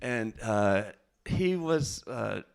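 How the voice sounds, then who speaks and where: A man doing a stand-up comedy set, rambling and halting, with fillers and self-corrections. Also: on the low side, expressive, creaky, a little hiss or hum.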